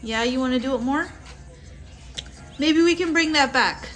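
A woman's voice: sits high, moderate pace, a bit bright. A woman hosting a casual home livestream with her young child, chatty and playful, laughing often. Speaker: livestream host and mother. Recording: livestream with music playing behind. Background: music playing.

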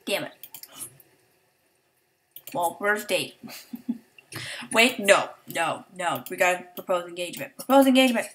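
A woman's voice: on the low side, lively intonation, measured pace, long pauses, a bit bright. A young woman giving chatty, giggly let's play commentary, talking to herself and voicing the game characters in silly tones. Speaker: gameplay commentator. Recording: faint background hiss.

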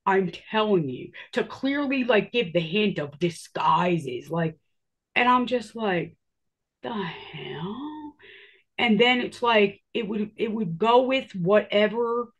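A woman's voice: mid-range voice, expressive, measured pace, lo-fi sound. A woman casually telling a personal story in a rambling way, full of filler words and acted-out quotes.

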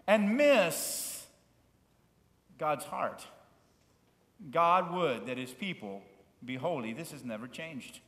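Male pastor with a somewhat high voice, preaching fervently then dropping to soft asides, recorded in a roomy church with a long, ringing reverb. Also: lively intonation, a little slow. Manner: swings between loud, fervent preaching and quiet, soft asides; asks the congregation questions and invites them to repeat words. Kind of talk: sermon. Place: church sanctuary.

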